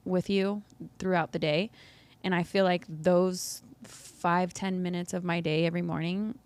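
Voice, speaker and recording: A woman in her thirties talking openly as a podcast guest, upbeat and quick to laugh, with plenty of "like". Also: on the low side. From United States. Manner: open, upbeat, laughs often, uses "like" a lot. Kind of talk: candid conversational interview.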